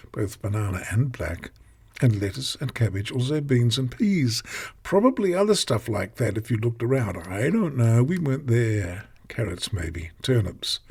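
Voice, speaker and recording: Gravelly man narrating a comic story. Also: medium pitch, a little mellow. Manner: chatty, offbeat asides. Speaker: audiobook narrator.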